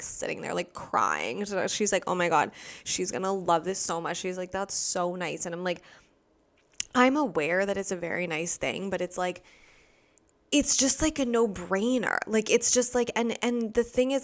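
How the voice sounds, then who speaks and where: A young woman from the United States telling a casual story in a rambling monologue, filling her talk with "like" and quick asides. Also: fairly low pitch. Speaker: vlogger.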